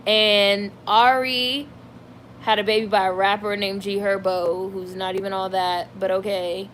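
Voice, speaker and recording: A woman's voice: mid-range voice, unhurried, slight background noise. Chatty woman gossiping on a livestream. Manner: chatty, animated, heavy use of "like". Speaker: livestream host reading chat. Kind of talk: casual celebrity gossip chat.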